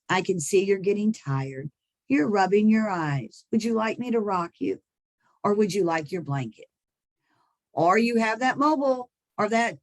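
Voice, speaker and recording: A woman's voice: mid-range voice, no echo, low-quality recording. A middle-aged woman leads a training session for early childhood staff and talks through each point in a plain, patient way. Her voice sits in a middle register. The recording is dry and close, with no room around it. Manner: demonstrates soft, sing-song talk to babies; plain, explanatory delivery with small restarts. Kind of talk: training presentation.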